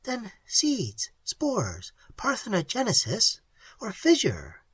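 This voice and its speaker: An audiobook reader voicing an earnest, quick young woman traveler who speaks softly and questions a lot. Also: huge pitch swings, husky, dry recording, full character voice. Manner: pleading, questioning, softer and higher than the narration. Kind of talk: audiobook character voice.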